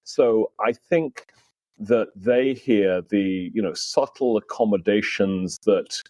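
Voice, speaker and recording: Low-voiced British man, dry close sound. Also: slow, dark tone, no echo. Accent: British, softened by years in the US. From Britain. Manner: chatty and self-deprecating, with many fillers. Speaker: guest historian. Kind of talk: casual podcast conversation.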